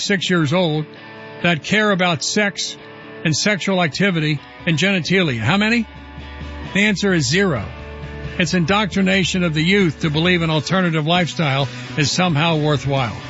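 A man's voice: high voice, fairly bright tone. A man hosting a talk radio show, delivering an indignant, emphatic monologue and reading headlines aloud. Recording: dull lo-fi broadcast audio.

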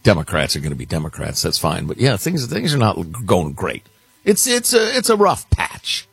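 A man's voice: low voice, breathy edge, no room sound. A man hosting a political talk radio show, chatting casually with a wry, sardonic edge.

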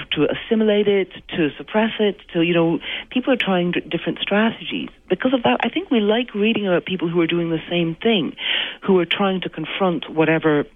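A woman's voice: fairly low pitch, a little fast, no echo. A woman from the United States with a slight Irish accent, a guest author explaining her ideas at length in a radio interview, heard in a replayed clip. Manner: thoughtful, reflective, explains at length. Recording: tinny phone-like archive radio clip.

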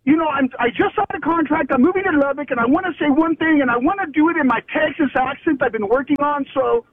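A man's voice: extremely high pitch, fast, crowd noise. A man calling in to a radio show, talking in a meandering way full of fillers. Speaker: caller. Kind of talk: phone-in call to radio show. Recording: phone line.

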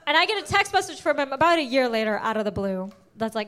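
A young woman telling a stand-up comedy story, animated, acting out what people said. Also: high-pitched, racing, hardly any pauses. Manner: animated storytelling, acts out quotes.

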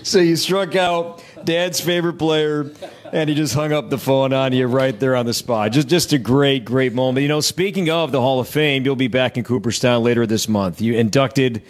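A man's voice: medium pitch, fairly even intonation, normal speed. A man hosting a broadcast interview, prompting his guest with friendly questions. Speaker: host, interviewer.

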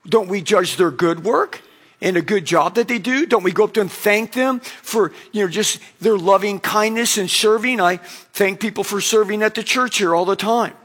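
Man, pastor, sermon, fairly high voice, chatty storytelling delivery. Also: moderate pace, fairly bright tone. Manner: conversational preaching with acted-out anecdotes.

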